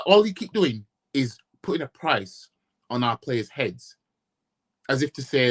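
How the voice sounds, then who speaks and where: A blunt man from Yorkshire rants into the camera as a football fan vlogger, swearing and firing off rhetorical questions. His pitch swings widely as he repeats himself for emphasis. His voice has a husky, slightly rough edge. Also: sing-song, moderate pace. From Yorkshire, England. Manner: blunt, profane, repetitive ranting with rhetorical questions. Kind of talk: ranting casual vlog.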